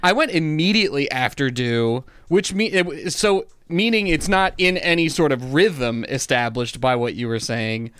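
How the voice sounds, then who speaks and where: A young adult man co-hosting a podcast in casual chat, wry, teasing and deadpan. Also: fairly high pitch, normal speed, few pauses, clear, resonant tone, no room sound, studio quality. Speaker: podcast co-host.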